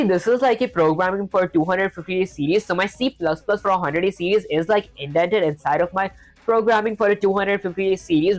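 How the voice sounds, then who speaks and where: A man streaming live coding, talking quickly in a casual, chatty way, reading instructions aloud and filling gaps with fillers. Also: sits high. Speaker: programming streamer.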